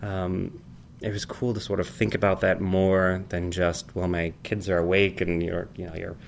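A man in his thirties chatting casually and rambling, telling family stories with animated, high-pitched quoted voices. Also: moderate pace, vocal fry, slight background noise. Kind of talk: casual chat.

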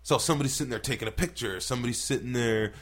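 A man's voice: medium pitch, very fast. A man, a stand-up comedian, telling stories in casual podcast talk, swearing freely and acting out what people said. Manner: profane, animated storytelling with acted-out quotes.

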